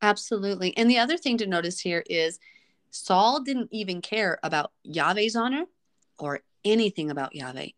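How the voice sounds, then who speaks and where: A woman hosting a Bible study, reading scripture aloud and discussing it earnestly, slowing down to stress key words. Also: mid-range voice, animated.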